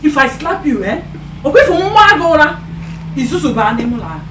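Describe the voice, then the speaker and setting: A woman's voice: sits high, big pitch swings, moderate pace, very noisy. An actress playing a fierce Nigerian mother who curses and threatens her child. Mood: scolding. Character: fierce scolding village mother. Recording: echoey room heard from a distance.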